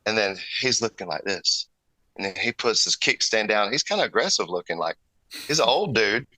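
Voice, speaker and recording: A man's voice: fairly low pitch, lively intonation, normal speed, bright, forceful tone, dry recording, poor audio. A man guest on a podcast, an airbrush artist telling stories in casual, rambling chat, often breaking off and restarting his sentences. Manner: rambling, self-interrupting storyteller.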